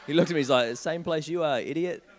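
A young man preaching a sermon, telling a joking personal story in an animated way. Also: on the high side, fast talker, a faint crowd. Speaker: pastor.

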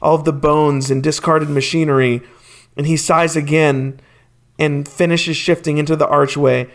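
Male game master, higher voice, slow descriptive narration. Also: flat delivery.

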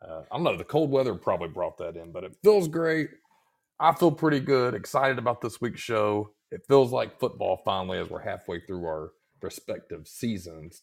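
A man's voice: mid-range voice, gravelly. A man hosting a podcast in casual chat, slightly scratchy in the throat, rambling, swearing freely and poking fun at himself. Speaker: podcast host.

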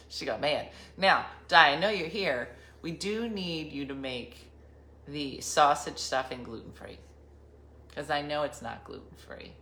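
A woman's voice: low voice, takes it slowly, pauses often, pushed and bright. A woman host telling a rambling, jokey story in casual chat. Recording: roomy echo with faint ambience.

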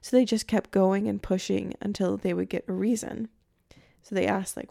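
A young woman hosts a podcast and tells a true-crime story in a casual, chatty manner, thinking aloud as she goes. Her voice has a gravelly, creaky edge. Its tone is mellow and dark, at a middle pitch. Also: steady tone, normal speed. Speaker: podcast host.

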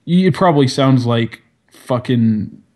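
A man's voice: medium pitch, lively intonation, slow pace, a little mellow. A young man with a Canadian accent, a podcast guest chatting loosely, swearing often and cracking jokes. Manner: swears freely, loose and joking. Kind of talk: casual chat.

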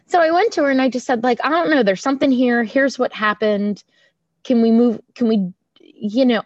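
A woman's voice: mid-range voice, a little mellow. A woman talks openly about her own recovery, chatty and candid and ready to laugh at herself. She acts out the voices of the people she quotes. The sound is dull and lo-fi, with no room echo. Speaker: recovery group speaker. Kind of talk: personal recovery share.

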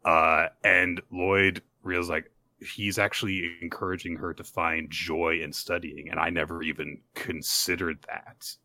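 A man co-hosting a podcast, recapping manga in casual chat and jumping into quick put-on voices for the characters. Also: low-pitched, little pitch movement, bright, forceful tone, slight background noise. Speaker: podcast co-host.

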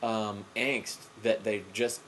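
Podcast co-host, male, low voice, rambling anecdotes, profane, home recording with slight hiss. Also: level tone, slow, a bit bright, rough recording. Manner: rambling storyteller, swears freely. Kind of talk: casual profane chat. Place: home room with cats around.

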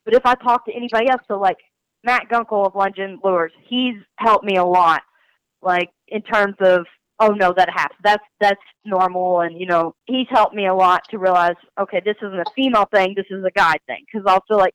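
A woman who works as a fishing guide, talking candidly in an interview and acting out remarks people make to her in an animated way. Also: mid-range voice, normal speed, smooth, no room sound, rough recording. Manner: animated, acts out quoted remarks.

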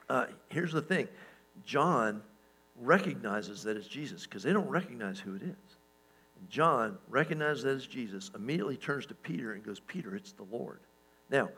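A man pastor giving a sermon in a relaxed, conversational way, with lots of fillers and restarts and chuckles at his own stories. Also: mid-range voice, poor audio.

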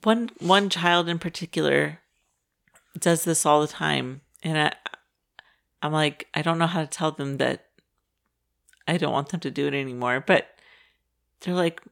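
A woman co-hosting a podcast in casual chat, laughing often and agreeing quickly. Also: deep voice, creaky, a bit bright. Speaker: podcast co-host.

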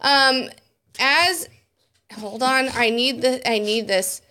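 A woman co-host reels off a news story in loose, unscripted podcast banter. She swears freely and laughs as she goes. Her voice sits high. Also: slow, pushed and bright.

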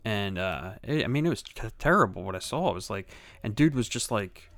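A man's voice: on the low side, lively intonation, fairly quick, a bit bright, no echo. A man in casual chat, telling stories with heavy swearing and acting out other people's lines. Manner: profane storytelling, acts out other people's lines.

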